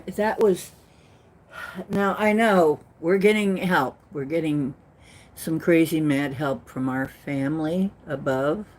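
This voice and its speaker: A woman's voice: lowish voice, a little mellow. A woman giving an earnest, rambling spiritual talk, telling a story with many restarts. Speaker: spiritual channel host.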